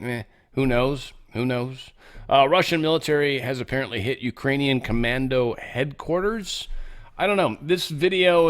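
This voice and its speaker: A man hosting a show, reading news headlines and adding sarcastic, mocking commentary in a loose, casual way. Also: mid-range voice. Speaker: show host.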